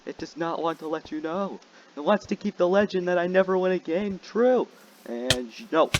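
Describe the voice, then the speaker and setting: Young man, game commentary, excitable and jokey, very lively pitch, loud background noise. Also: moderate pace, dull audio. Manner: excitable, shouts in frustration, jokey. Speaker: gaming channel host. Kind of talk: casual gameplay commentary.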